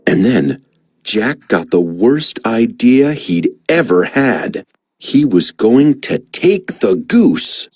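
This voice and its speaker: Woman reading a kids' story, slow and breathy, lots of ups and downs. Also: extremely low pitch, dry recording, faint music behind. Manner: expressive, dramatic emphasis.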